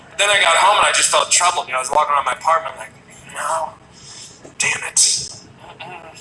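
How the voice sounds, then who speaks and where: A man performing a stand-up comedy set, with a wry, rambling delivery broken by sudden shouted bursts. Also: a little high, racing, reverberant, recorded from a distance, slight background noise, rough recording.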